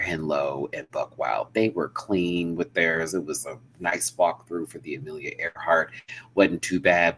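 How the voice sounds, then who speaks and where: A man hosting a live review of a show in casual, animated, giggly chat. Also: sits low, breathy edge.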